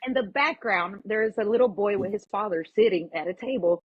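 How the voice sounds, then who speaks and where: Woman guest, husky and fairly high, animated storyteller; dry, dull podcast sound. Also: brisk, no echo. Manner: animated, acts out quoted voices, lots of "like". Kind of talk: casual storytelling chat.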